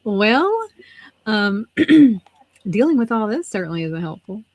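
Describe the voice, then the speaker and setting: A woman's voice: medium pitch, takes it slowly, no room sound. Woman chatting on a craft stream, laughs a lot, dry close mic. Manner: chatty and animated, laughs often. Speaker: livestream co-host. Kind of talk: casual chat while crafting.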